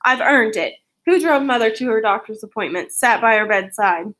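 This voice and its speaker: A woman reading aloud the lines of a bitter, resentful middle-aged aunt in a sharp, accusing way. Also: a little high, expressive, normal speed.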